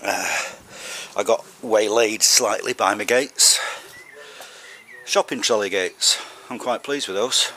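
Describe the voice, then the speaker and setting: A man's voice: fairly low pitch, slow, bright, forceful tone, a little hiss or hum. A man filming his DIY yard project, talking casually and a little out of breath. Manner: chatty, breaks off with ums and short laughs. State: a bit out of breath. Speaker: DIY vlogger. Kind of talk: casual workshop vlog. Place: outdoor yard building site.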